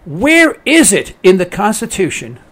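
High-voiced folksy talk radio host. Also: male voice, wildly swooping pitch, measured pace, a bit bright, slightly rough. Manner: storytelling, folksy and emphatic, acts out quotes. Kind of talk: call-in talk radio monologue.

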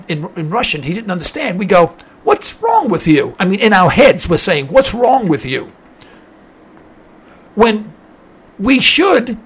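A man's voice: high-pitched, fairly bright tone, breathy edge. Impassioned older man ranting to listeners. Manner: rambling, repeats words, impassioned and preachy. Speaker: talk show host reading listener emails. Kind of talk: casual opinion monologue.

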